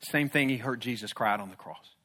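A man preaching a sermon, moving between loud emphatic declarations and hushed, low, intense passages. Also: brisk. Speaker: pastor.

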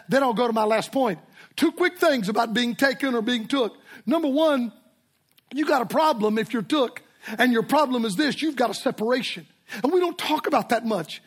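An older man preaching a sermon in a church, telling stories with an emphatic, repetitive cadence. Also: extremely high pitch.

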